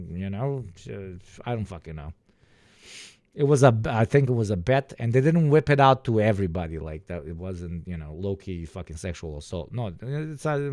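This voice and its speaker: Profane rambling young man, mellow voice. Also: on the low side, no room sound. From Balkans. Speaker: livestreamer. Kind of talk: casual chat with viewers.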